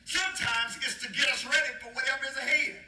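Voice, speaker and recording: A man preaching a sermon as pastor, animated and playful, calling out to the congregation for responses. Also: very high-pitched, fast talker. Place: church. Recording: echoey room, faint noise.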